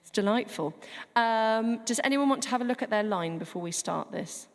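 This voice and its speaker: A woman's voice: on the high side, lively intonation, normal speed. Chatty woman leading a rehearsal. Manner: chatty, encouraging, self-deprecating. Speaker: choir director. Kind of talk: choir rehearsal instruction. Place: large church. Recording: long church reverb, faint music.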